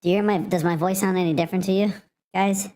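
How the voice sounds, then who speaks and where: A man talking through a pitch-shifting voice changer that makes him sound silly, with a chatty, goofy manner. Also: fairly even intonation, quick pace, darkish tone.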